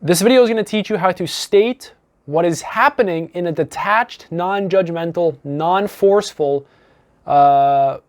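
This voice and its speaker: Earnest man coaching on self-honesty. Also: fairly high pitch. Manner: earnest, calm and deliberate, repeats key phrases; casual fillers like "you know". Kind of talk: teaching monologue to camera.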